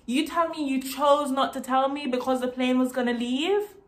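A young woman vlogger telling a story to camera in a casual, indignant, animated way, swearing freely as she goes. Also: high-pitched, moderate pace. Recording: roomy echo.

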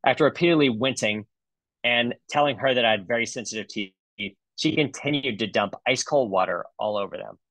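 A man's voice: medium pitch, brisk, a bit bright, no echo, rough recording. A man reading out a review while playing an indignant, complaining woman dental patient, in a lightly melodramatic tone. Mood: aggrieved.

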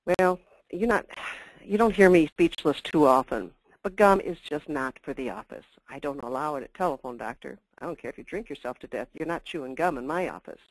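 Emphatic older woman, low dry voice. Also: fairly quick, no echo, low-quality recording. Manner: emphatic, chatty, with asides. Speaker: customer service trainer. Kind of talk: webinar presentation.

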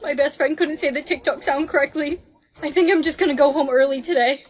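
A woman's voice: high voice, fairly even intonation, a little fast. A young woman acting out short comedy skits with a dramatic, exaggerated delivery. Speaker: skit creator.

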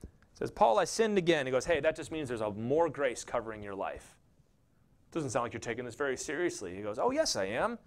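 A pastor with a brisk, medium-pitched voice preaches in a conversational, jokey way, telling stories. He's animated, acting out quotes in little voices.

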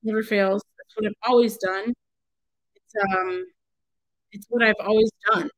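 A woman's voice: mid-range voice, fairly even intonation, measured pace, low-quality recording. A woman crafter on her own channel, talking casually in a rambling, exasperated, self-interrupting way from home. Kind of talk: casual vlog rant.

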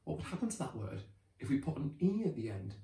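A British man teaching a children's phonics lesson, sounding out words slowly and cheering the children on. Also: medium pitch, echoey room. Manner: animated, drawn-out sounding out of words.

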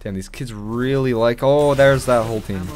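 A young man giving casual gameplay commentary, excitable and swearing, with sudden loud outbursts. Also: medium pitch, normal speed, soft background music. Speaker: gaming channel host.

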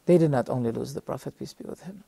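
A middle-aged man teaching a religious lesson on a TV program, telling a story earnestly with measured pauses and rhetorical questions, speaking straight to his audience. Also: medium pitch, gravelly, warm tone, breathy edge, no echo. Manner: addresses the audience directly. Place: TV studio.

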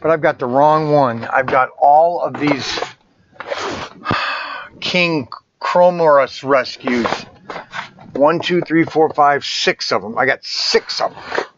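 This toy shop owner speaks in a higher-than-average voice, slowly and with frequent pauses, muttering and sighing in frustration as he addresses the camera casually. Background noise runs through the dull, lo-fi recording.

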